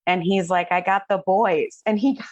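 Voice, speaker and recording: A woman's voice: medium pitch, fairly even intonation, normal speed, dry recording. A middle-aged woman casually telling a personal story, rambling with fillers and restarts. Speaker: guest telling her story. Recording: dull lo-fi dry sound.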